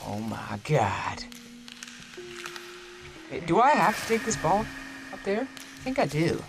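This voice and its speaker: A man hosting a comedic horror game let's play, joking and yelling in a frantic way. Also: on the high side, huge pitch swings, slow pace, vocal fry, over music. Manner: frantic screaming and joking voices. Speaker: gaming video host.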